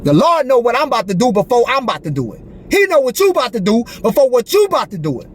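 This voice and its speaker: A man with an extremely high-pitched voice talks fast, barely pausing, over slight background noise. Speaking straight to the camera, he tells a personal story in animated, profane street slang and keeps checking in with the listener, repeating "you feel me" throughout this casual monologue.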